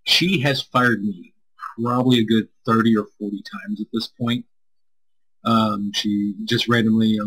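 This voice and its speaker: A man's voice: on the low side, steady tone, moderate pace, a bit bright, low-quality recording. A man co-hosting a live stream, answering chat in a loose, rambling way and swearing freely. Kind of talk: casual chat.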